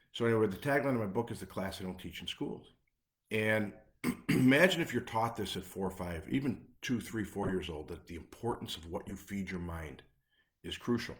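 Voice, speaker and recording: Emphatic Chicago man coaching live. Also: deep voice. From Midwest US. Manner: emphatic, repetitive, punchy lists. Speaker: anxiety coach. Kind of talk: live motivational talk.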